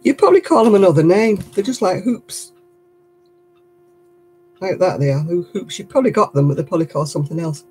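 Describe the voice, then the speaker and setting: A woman's voice: fairly low pitch, lively intonation, fairly quick, long pauses, a little mellow, a little hiss or hum. An older woman, a great-grandmother, chatting casually and laughing often as she reads viewer comments on her crafting livestream.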